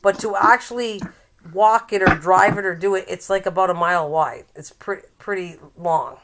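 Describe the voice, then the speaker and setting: Streaming live from her home, a Canadian woman in her later years keeps up a teasing, laugh-filled chat with viewers in a mid-range voice. Reading aloud slows her down and trips her up, and heavy background noise runs underneath.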